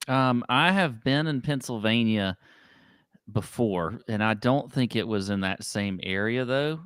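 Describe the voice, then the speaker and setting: A man's voice: medium pitch, a little slow, a bit bright, clean tone, no room sound, clean studio sound. A man co-hosting a podcast in casual chat, teasing his partner with wry banter. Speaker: podcast co-host.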